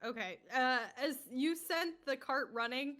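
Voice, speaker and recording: A woman runs a tabletop game at an unhurried pace. Her voice sits a little high, and she narrates easily with frequent laughs. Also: sharp tone. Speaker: game master.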